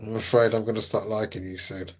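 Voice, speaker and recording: A man's voice: on the low side, flat delivery, fast, slight background noise, poor audio. A man chatting casually with his live-stream viewers, laughing often and teasing them.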